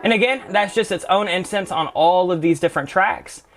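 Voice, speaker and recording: A young man explaining music production software in a relaxed, chatty tutorial, full of casual fillers. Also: high voice, moderate pace. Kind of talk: casual screen-share tutorial.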